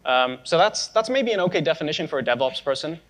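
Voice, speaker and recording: A man's voice: on the high side, expressive, fast, a bit bright. A young man giving a conference tech talk, casual and sarcastic with joking asides. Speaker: conference speaker.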